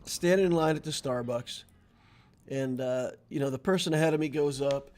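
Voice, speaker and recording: Here a gaming streamer chats through his turns in a mobile strategy game, laughing frequently and telling stories as he goes. His mid-range voice moves fairly quickly and has a darkish tone.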